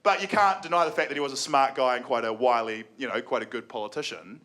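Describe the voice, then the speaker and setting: A young New Zealand man doing stand-up comedy live, sarcastic and excitable, now and then jumping into shouted mocking voices. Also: medium pitch, quick pace. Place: comedy venue with live audience. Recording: live show with audible crowd. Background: audience laughter.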